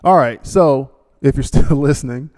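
A man's voice: mid-range voice, normal speed, a little mellow. A male podcast host, talking casually alone and rambling through a sponsor read with joking asides and many restarts. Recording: long hall reverb.

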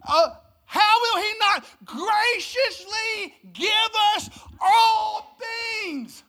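A pastor preaching a Christmas sermon, swinging from loud, emphatic exclamations to low, hushed delivery. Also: animated, drawn-out words, very noisy. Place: church service.

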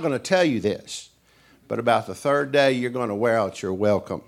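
A man's voice: medium pitch, moderate pace, gravelly. Folksy East Tennessee preacher man. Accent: East Tennessee Southern. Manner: animated storyteller who acts out characters. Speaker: guest preacher. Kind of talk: folksy sermon storytelling.

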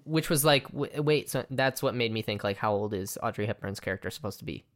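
A young woman with a strikingly deep, low voice, talking through a movie in a relaxed, halting way. She stumbles over her words now and then and laughs easily. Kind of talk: casual chat about a film.

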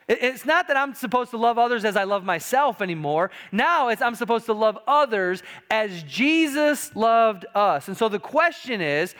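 A male pastor preaching a sermon in a church, emphatic and repetitive, slowing down on key lines and building louder toward urgent points. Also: high-pitched, clean tone. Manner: emphatic preaching, repeats key phrases and often says "listen". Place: church sanctuary.

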